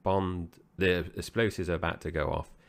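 Deep-voiced guy rambling on a movie podcast, lots of restarts. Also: little pitch movement, moderate pace, clear, resonant tone. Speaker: co-host of a film review podcast. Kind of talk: casual chat.

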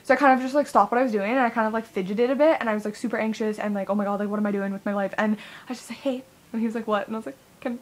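A young woman chats through a long story in a casual vlog. She rambles, fills it with "like" and swears freely. Her voice sits a bit high and breaks into squeals when she gets excited. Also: rapid-fire, hardly any pauses. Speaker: vlogger.

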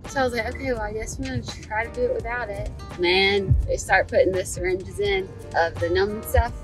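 A woman's voice: medium pitch, steady tone, brisk, soft background music, rough recording. A woman vlogging in a casual, chatty way, telling stories with animation. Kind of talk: casual vlog chat.

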